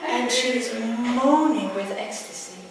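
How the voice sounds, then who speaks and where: A woman's voice: fairly high pitch, slow pace. A woman in her sixties, a midwife, telling stories at a workshop and laughing often. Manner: laughs often, lively storyteller. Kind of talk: storytelling talk at a workshop. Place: room at a workshop with listeners. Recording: very echoey room, distant mic, noisy.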